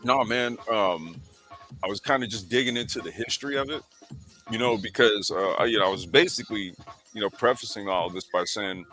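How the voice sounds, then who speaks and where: Bright-voiced laid-back male host. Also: lowish voice, a little fast, soft background music. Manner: laid-back, slangy, reads history aloud with frequent fillers. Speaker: podcast host. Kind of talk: casual sim racing chat.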